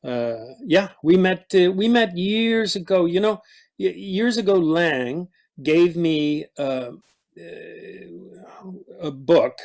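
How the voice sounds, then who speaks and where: A man's voice: sits high, vocal fry, darkish tone. A middle-aged man with a slightly raised voice tells stories in a casual chat. He stops and restarts his sentences often and wanders as he talks. He comes across as an actor guest. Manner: halting, rambling storyteller with many restarts. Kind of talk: casual conversation.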